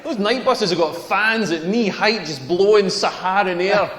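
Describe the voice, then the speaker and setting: Scottish male comic, 40s, high voice, self-deprecating and laughing as he talks, live set in a reverberant hall. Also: moderate pace, a bit bright, slight background noise. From rural Scotland. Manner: wry, self-mocking, laughs through lines. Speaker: stand-up comedian. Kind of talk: stand-up comedy set. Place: comedy club stage. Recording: echoey live venue with reverb.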